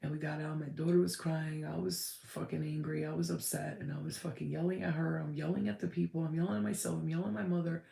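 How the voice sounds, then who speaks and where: A woman's voice: low voice, flat delivery, fast talker, vocal fry, hardly any pauses, mellow, echoey room. A woman giving a casual channeled spirit reading, rambling and blunt, swearing freely.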